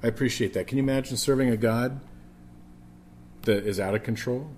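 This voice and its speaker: A man preaching a sermon as pastor, moving between a projected voice and quiet, near-whispered passages. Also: mid-range voice, brisk, slight background noise.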